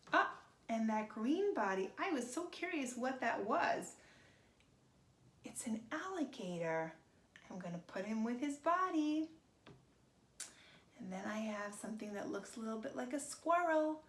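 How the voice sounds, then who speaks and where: A woman teacher walks little kids through a craft in an unhurried, sing-song voice that sits a bit high. The sound bounces around an echoey room with a faint hiss behind her. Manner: gentle, slow and sing-song, talking to young children. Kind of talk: children's craft demonstration.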